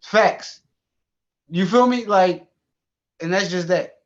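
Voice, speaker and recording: Podcast co-host, male, fairly high voice, lively swearing storyteller, muffled lo-fi audio. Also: takes it slowly. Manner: animated, profane, laughs often. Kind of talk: casual storytelling chat.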